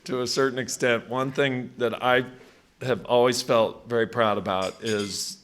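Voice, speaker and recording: A man's voice: medium pitch, level tone, a little slow, a bit bright. A man in his sixties giving a hall of fame acceptance speech at a country club, conversational, with frequent restarts. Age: 60s. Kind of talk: acceptance speech with personal anecdotes. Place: country club event room.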